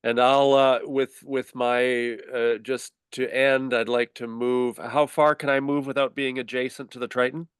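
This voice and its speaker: A man playing in a tabletop game, hesitant when asking and quick to joke. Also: medium pitch, little pitch movement, clean tone, dry recording. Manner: hesitant, joking. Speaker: player. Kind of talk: casual chat.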